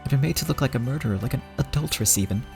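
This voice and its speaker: A man's voice: mid-range voice, racing, music in the background, voice pushed up, lightly acted. A man reading aloud as a proud middle-aged woman, bitter and anguished, accusing and then pleading. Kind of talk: reading a visual novel aloud.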